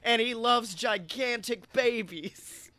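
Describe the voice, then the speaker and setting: A man from Alabama co-hosting a comedy podcast, riffing excitably in casual chat. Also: very high voice, slow pace, no echo. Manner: excitable, riffing, lots of voices. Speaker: podcast co-host.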